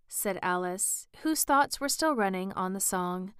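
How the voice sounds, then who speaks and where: A woman reads a storybook aloud as narrator, calm and even, taking her time. Her voice is smooth and clear, and the recording is dry and close with no room sound. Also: lowish voice, measured pace, few pauses, dry recording. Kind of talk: audiobook narration.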